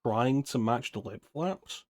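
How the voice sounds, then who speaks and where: A man streaming a game, giving relaxed, musing casual commentary. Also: medium pitch, slow, dry recording.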